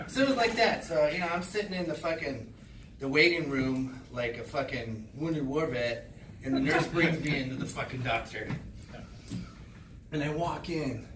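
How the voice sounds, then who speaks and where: A male stand-up comedian telling a crude, profane story, acting out his own reactions in loud bursts. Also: fairly high pitch, reverberant, distant mic, background noise. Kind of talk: stand-up set. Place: small comedy club stage. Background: audience laughter.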